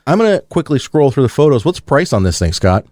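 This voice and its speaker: A man hosting a car podcast in casual chat, animated and joking, swearing freely. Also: medium pitch, quick pace, no echo, studio quality. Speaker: podcast host.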